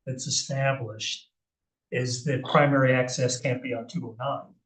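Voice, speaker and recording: A man acting as planning consultant at a public meeting, speaking with careful, measured hedging. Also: mid-range voice, fairly even intonation, fairly bright tone. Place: municipal meeting room. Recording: echoey room, voice far from mic.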